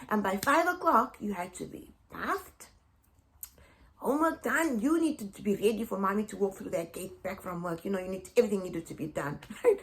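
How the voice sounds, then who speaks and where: Gravelly woman telling stories. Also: medium pitch, fairly bright tone. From Zimbabwe. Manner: heartfelt, repeats phrases, breaks into laughter and tears. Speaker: vlogger. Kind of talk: personal storytelling to camera.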